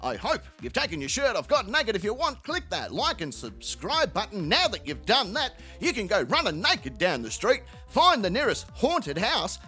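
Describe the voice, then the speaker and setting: Give me a high, bright-voiced man ranting profanely. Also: wildly swooping pitch, normal speed, few pauses, faint music behind. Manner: profane, mocking, rambling storyteller. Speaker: channel host. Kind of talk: comedic video outro rant.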